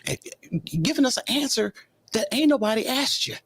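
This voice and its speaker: A woman's voice: fairly high pitch, fairly quick, no echo. A woman hosting a casual commentary show, reading out court testimony and reacting with sassy asides. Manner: animated, sassy, acts out quotes with colloquial asides.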